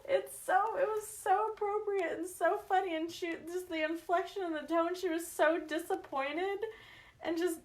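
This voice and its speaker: A woman, chatting warmly and laughing through stories as she hosts a craft livestream. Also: very high voice, steady tone, normal speed. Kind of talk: casual craft livestream chat.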